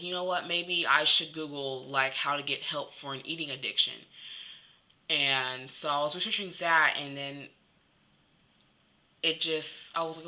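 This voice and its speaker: A woman's voice: low-pitched, sharp tone, rough recording. A young woman talking candidly to the camera in a personal vlog, rambling with lots of "like" and restarts. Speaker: vlogger.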